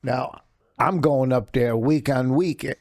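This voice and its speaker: A man's voice: medium pitch, slow pace, a little mellow, no echo, clean studio sound. A middle-aged man, a guest comedian, telling anecdotes in casual podcast chat and laughing as he goes. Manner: laughing through comic anecdotes.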